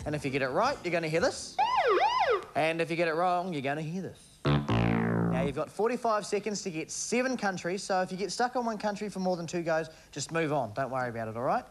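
A man's voice: a little high, very animated, fairly quick. A man hosting a game show, cheering and urging a contestant on. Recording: TV studio with audience and music.

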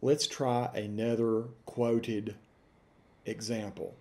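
A man with an Appalachian accent slowly dictating to voice software, enunciating each syllable carefully and speaking the punctuation aloud, into a built-in computer microphone. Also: fairly low pitch, flat delivery. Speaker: tech reviewer. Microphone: built-in desktop computer microphone.

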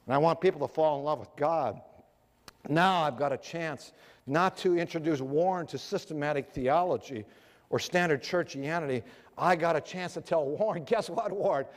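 Earnest male preacher with a high voice, heard with long hall reverb. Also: moderate pace. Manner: earnest, rhetorical questions to the audience. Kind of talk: sermon.

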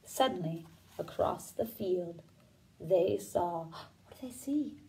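A woman librarian reading a children's story aloud, gentle and expressive. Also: on the low side, takes it slowly, vocal fry, far from the mic, poor audio. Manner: gentle, expressive, sing-song.

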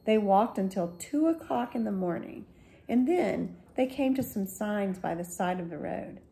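A woman, a school librarian, reading a children's book aloud slowly and gently. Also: mid-range voice, expressive, creaky. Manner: slow, gentle storytelling.

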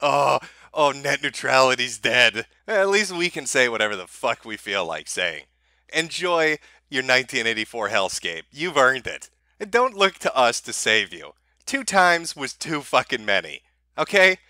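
A man's voice: mid-range voice, big pitch swings, normal speed, bright, forceful tone, no echo. Sarcastic, mocking man ranting. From United States. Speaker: online commentator. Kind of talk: profane comedic rant.

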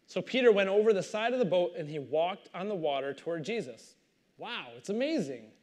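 Male pastor, slightly high voice, animated reading and sermon commentary. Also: fairly quick. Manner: animated storytelling, reads scripture then comments conversationally.

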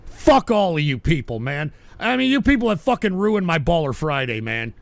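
An older man hosting a live show, ranting profanely at his chat and often shouting. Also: fairly high pitch, big pitch swings, moderate pace, no echo. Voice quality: gravelly. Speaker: radio show host reading chat. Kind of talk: ranting live stream talk.

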